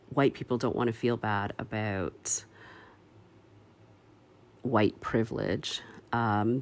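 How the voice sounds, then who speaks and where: A man giving earnest opinion commentary, speaking slowly with many pauses and fillers, and stressing key words firmly. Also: medium pitch, creaky. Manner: firm and emphatic on key words.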